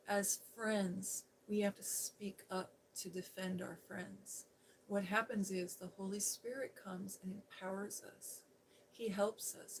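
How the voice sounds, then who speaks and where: A woman hosting a Christian livestream, sharing a personal story in a soft, gentle, earnest voice that sometimes sinks to a near-whisper. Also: mid-range voice, gravelly, slight background noise, poor audio. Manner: drops to a near-whisper at times. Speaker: Christian ASMR livestream host. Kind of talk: softly spoken personal testimony on a livestream.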